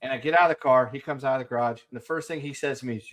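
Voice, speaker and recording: A man's voice: mid-range voice, fast, hardly any pauses, fairly bright tone. A man co-hosting a pop culture chat show, joking and rambling and swearing casually. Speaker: podcast co-host.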